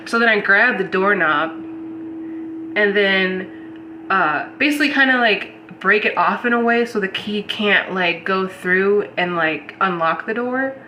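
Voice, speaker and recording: In a low-quality recording with a little hiss or hum, a woman with a mid-range voice tells her live audience about a strange dream. As host, she rambles through an animated, casual retelling, saying "like" constantly.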